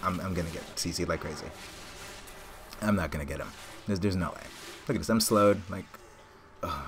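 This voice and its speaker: A man hosting his own gaming channel rambles through excited live commentary and trash-talks opponents as he plays. His voice sits low, with a little hiss or hum in the background.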